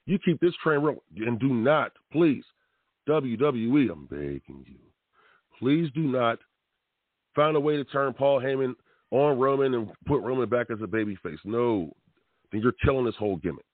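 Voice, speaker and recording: A man's voice: medium pitch, normal speed, dry recording. A man hosting a wrestling talk show, giving fiery, rambling opinions full of slang and pleading asides. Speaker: radio host. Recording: tinny phone-like dry sound.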